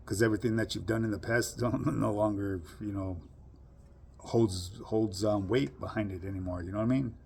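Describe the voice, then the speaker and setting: A man's voice: lowish voice, steady tone, moderate pace, gravelly, darkish tone, a little hiss or hum. A man giving a blunt, profane monologue full of street slang to his online audience. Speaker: social media commentator. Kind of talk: casual monologue to camera.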